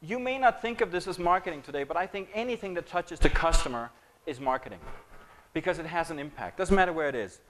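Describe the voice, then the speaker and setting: A man's voice: on the high side, lively intonation, fast, fairly bright tone, slight background noise, low-quality recording. A man giving a conference presentation. He talks conversationally, asking the audience questions and joking. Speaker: keynote speaker on marketing.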